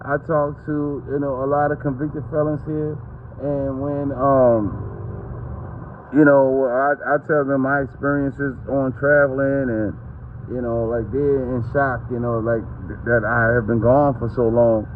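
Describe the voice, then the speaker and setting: A man's voice: medium pitch, level tone, measured pace, phone-quality sound, a little hiss or hum. A man, ranting to camera in a heated, profane, rambling way. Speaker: vlogger.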